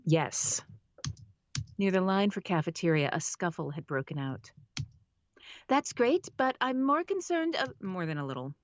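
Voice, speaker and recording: A woman's voice: fairly low pitch, very animated, measured pace, long pauses, dull audio, a little hiss or hum. A woman narrating a novel on a live stream, often stopping to re-read lines and laughing at her own slips. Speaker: audiobook narrator.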